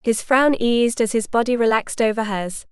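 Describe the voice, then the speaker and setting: A woman narrating a historical romance audiobook in a calm, even storytelling manner. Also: fairly high pitch, normal speed, smooth, no room sound, studio quality.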